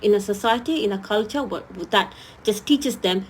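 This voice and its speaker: A woman's voice: medium pitch, normal speed, slight background noise. A woman hosting a live-stream talk, speaking earnestly and pleading with her viewers, often repeating herself. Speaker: host.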